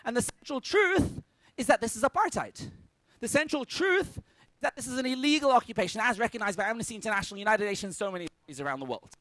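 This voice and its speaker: A man with a strikingly high, sharp, forceful voice delivers an energetic conference talk, full of jokes and punchy asides. The sound is close and dry, with almost no room echo. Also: quick pace. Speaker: conference speaker. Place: conference stage with a live audience.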